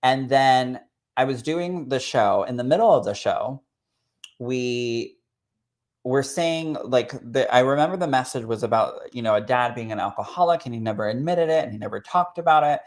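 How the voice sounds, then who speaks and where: A man, a spirit medium, sharing a personal story in an expressive, chatty way that swells with emotion. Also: mid-range voice, moderate pace. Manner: expressive and chatty, full of "like" and "literally".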